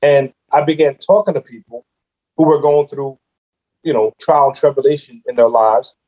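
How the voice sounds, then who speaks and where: A man's voice: medium pitch, normal speed, dull audio. A man who is a guest on a podcast, telling his story casually and animatedly, acting out his own reactions.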